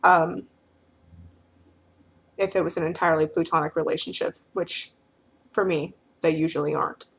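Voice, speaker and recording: A woman's voice: low-pitched, fairly even intonation, moderate pace, creaky, long pauses. A woman talking casually to the camera, answering questions in a frank, rambling way full of filler phrases.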